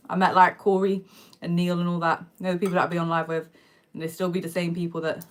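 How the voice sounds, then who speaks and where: A young woman chatting casually on a live stream while she cooks, slangy and answering viewer comments as she goes. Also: fairly low pitch. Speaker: livestreamer. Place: home kitchen, indoors.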